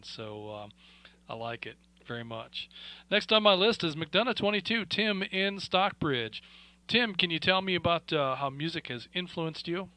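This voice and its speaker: A man hosting an amateur radio net with a bright, forward voice. He talks in a relaxed, folksy way, full of fillers. The tone stays friendly and conversational. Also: mid-range voice, no room sound, low-quality recording. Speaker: radio net control host. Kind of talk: casual radio net chat.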